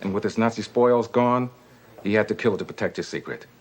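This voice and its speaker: A man's voice: fairly low pitch, a little fast, close to an everyday voice. An actor playing a sarcastic male police captain in a 1980s TV comedy, heard from a slight distance. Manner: mocking, sarcastic.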